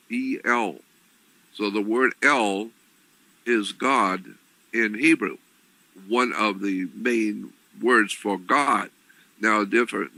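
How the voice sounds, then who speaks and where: A man giving an explanatory talk on religion, deliberate and repetitive, often clearing his throat. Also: lowish voice, sharp tone, dry recording, low-quality recording. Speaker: lecturer on religion.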